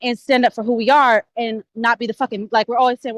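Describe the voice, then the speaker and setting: A woman's voice: a little high, steady tone, no echo, poor audio. A woman hosting a casual livestream discussion, talking emphatically and swearing freely. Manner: emphatic, profane, quick. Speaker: stream host.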